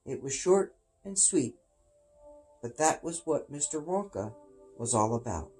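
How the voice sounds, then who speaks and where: Slow, expressive storybook reader, male, faint music behind. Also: medium pitch, rough recording. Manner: dramatic, expressive reading. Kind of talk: storybook reading.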